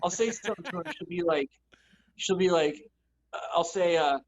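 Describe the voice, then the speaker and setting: A man co-hosting a casual podcast from home, telling animated, exasperated stories while yard work goes on outside. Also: high voice, normal speed, muffled recording, slight background noise. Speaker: podcast co-host. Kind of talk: casual chat. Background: lawn mowing and sprinkler work.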